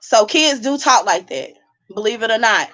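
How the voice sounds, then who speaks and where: A woman hosting a casual livestream while drinking, sassy and animated as she talks back to the chat from home. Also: on the high side, moderate pace. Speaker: livestream host.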